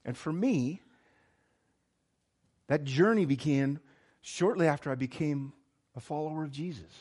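An earnest man preaching a sermon with a slightly higher voice than most men. He moves between emphatic pushes and soft, hushed stretches, speaking as a pastor to his congregation. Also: unhurried, husky.

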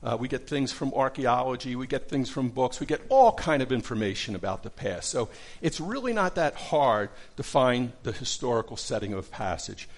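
A man's voice: mid-range voice, animated, moderate pace, few pauses. A middle-aged man teaching a casual Bible study lesson, conversational, with many fillers and restarts.

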